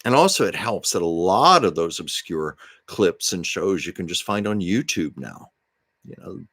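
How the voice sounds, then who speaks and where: Low, lively man telling stories. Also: normal speed, husky, dry recording, studio quality. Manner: rambling, chatty, self-correcting. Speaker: livestream host. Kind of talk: casual storytelling chat.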